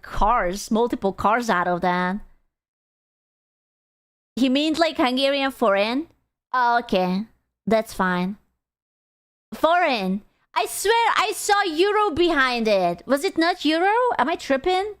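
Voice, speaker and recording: A woman's voice: on the high side, smooth. A woman streamer chatting casually with her viewers, blunt and playfully teasing. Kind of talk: casual live-stream chat.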